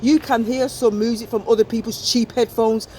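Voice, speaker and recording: A woman's voice: fairly high pitch, fairly even intonation, moderate pace, mellow, a little hiss or hum. A woman performing a wry spoken-word story, slipping into rhymes as she narrates.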